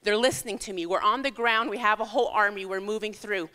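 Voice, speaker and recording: A woman's voice: medium pitch, fast talker, bright, forceful tone. A woman giving an impassioned, urgent campaign speech at a town hall in a church hall. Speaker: political candidate. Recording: echoey hall with long reverb.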